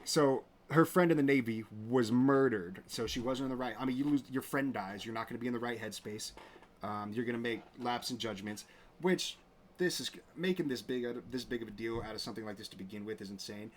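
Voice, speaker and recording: A man's voice: mid-range voice, fast talker. A man hosting his own show, talking in a rambling, indignant way with many restarts. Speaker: show host. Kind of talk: casual commentary.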